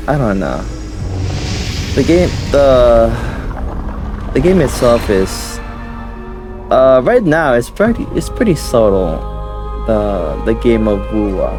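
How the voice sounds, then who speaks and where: Drowsy guy streamer talking real slow, mid voice, yawny and rambly, lots of restarts, faint music under it. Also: mid-range voice, expressive. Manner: rambling, halting, with many restarts and fillers. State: sleepy and tired, yawning. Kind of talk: casual stream sign-off chat.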